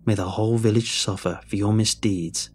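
A man voicing a cruel old hag woman who creaks and rasps, mock-gentle and cackling. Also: mid-range voice, sing-song, normal speed, full character voice. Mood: cursing. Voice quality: creaking, rasping.

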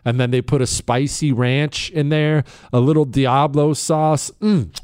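A man's voice: a little high, steady tone, a little slow, darkish tone, clear, resonant tone. Emphatic rambling male talk host. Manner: emphatic, rambling, heavy with fillers. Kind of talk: opinionated talk radio monologue.

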